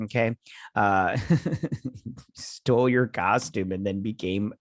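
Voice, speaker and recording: A man's voice: on the low side, steady tone, slow, dry recording. Sarcastic man recapping in a dry room. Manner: sarcastic, mocking, with laughs and offhand retellings. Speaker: show host reviewing a TV episode. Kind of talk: casual recap and review.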